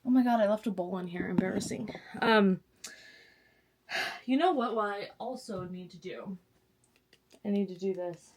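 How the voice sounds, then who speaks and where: A woman's voice: medium pitch, unhurried, long pauses. A young woman from Texas chatting casually to camera in a home vlog, self-mocking, with sudden squeals and whispered asides. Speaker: book vlogger.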